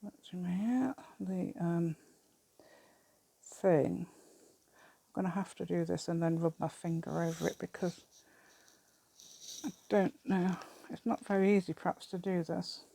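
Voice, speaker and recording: A woman's voice: lowish voice, fairly even intonation, a little slow, creaky, pauses often, dark tone, slightly rough. A British woman hosting a craft channel, chatting through a crafting demonstration and rambling to herself with giggly asides.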